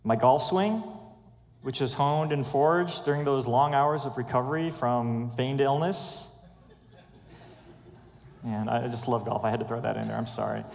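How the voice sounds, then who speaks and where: Man, church speaker, measured heartfelt testimony, mid-range voice, reverberant sanctuary. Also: medium pitch, steady tone, creaky, a little mellow. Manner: earnest and measured, fighting back tears. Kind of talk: personal testimony sermon.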